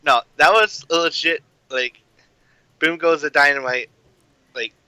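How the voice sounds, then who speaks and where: A man's voice: fairly high pitch, measured pace, sharp tone, smooth, dry recording, low-quality recording. A man in casual film discussion, talking loosely with lots of fillers and wry asides.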